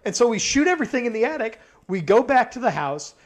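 A man's voice: very high voice, big pitch swings, quick pace, background noise. A man co-hosting a podcast, telling a story in a casual, profane and exasperated way with plenty of swearing. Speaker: podcast co-host.

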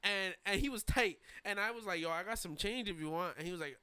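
A man's voice: high voice, fast, bright, forceful tone, clear, resonant tone, no room sound. A young man, rambling through a story on a casual podcast and acting out quoted voices. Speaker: podcast host.

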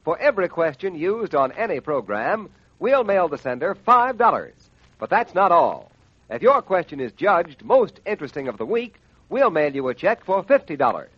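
A man announcing on a radio show, reading a brisk hard-sell advertisement, on a dull lo-fi 1940s radio recording. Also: fairly high pitch, sing-song, slightly rough, no room sound. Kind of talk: radio ad read.

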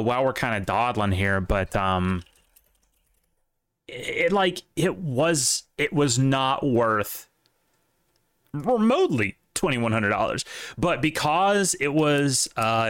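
A man's voice: mid-range voice, sing-song, measured pace, a bit bright, clear, resonant tone, no room sound. A man with a light Southern accent, chatting casually on a podcast in a rambling, profane way. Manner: rambling, profane, lots of restarts. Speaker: podcast co-host.

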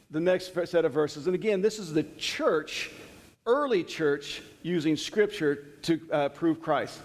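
A man's voice: a little high, darkish tone, big-room sound. Man preaching in a conversational teaching sermon. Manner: conversational teaching with scripture readings and acted retellings.

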